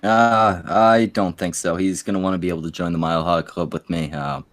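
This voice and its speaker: Rambling French Canadian stream host. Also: male voice, sits low, steady tone, fairly quick. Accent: Quebec French Canadian. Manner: rambling, full of fillers and restarts. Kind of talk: casual crude banter.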